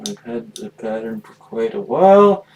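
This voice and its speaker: A man's voice: medium pitch, sing-song, normal speed, darkish tone, far from the mic, slight background noise, low-quality recording. A man in his fifties co-hosting a live painting stream, who jokes around and laughs a lot in casual chat. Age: 50s. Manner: playful, joking, laughs a lot. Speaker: co-host.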